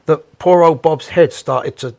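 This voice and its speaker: A man, a bandleader, casually telling a rambling, animated anecdote with the odd chuckle. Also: a little high, unhurried, gravelly.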